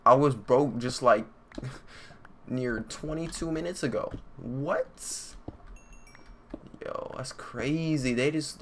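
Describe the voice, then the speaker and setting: Young male gaming YouTuber, casual excitable commentary, heavy slang, desk mic, faint fan hum in the room. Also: mid-range voice. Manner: excitable, slangy, talks to himself and viewers. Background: computer fan noise and keyboard clicks.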